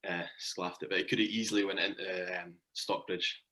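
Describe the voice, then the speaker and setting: Deep-voiced man telling stories. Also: little pitch movement, normal speed, bright, forceful tone. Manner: chatty storytelling, laughs often. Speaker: cricketer, guest. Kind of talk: casual interview anecdote.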